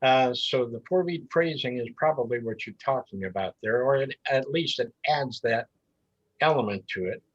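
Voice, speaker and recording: Husky guy on a zoom call, caller type, counts beats and chants the moves out. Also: medium pitch, normal speed, dull audio. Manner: demonstrates calls by chanting beats. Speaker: square dance caller. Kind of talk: online group discussion. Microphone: video call.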